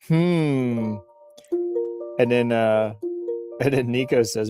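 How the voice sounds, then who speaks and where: A man hosts a casual livestream outdoors on a bluff, joking and riffing as he reads posts and comments aloud. His voice is medium-pitched and slow, with long pauses, and music plays underneath.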